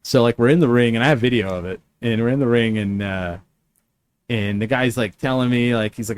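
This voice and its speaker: A man's voice: mid-range voice, a little fast, clean tone. A man hosting a casual chat, telling a story with lots of fillers and restarts. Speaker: podcast host.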